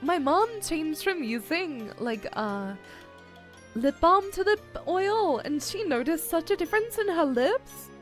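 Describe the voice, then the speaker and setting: A woman's voice: very high voice, lively intonation, measured pace, soft background music. A young adult woman streamer chatting casually with her viewers, giggling often and whining in a playfully dramatic way. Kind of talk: casual livestream chat.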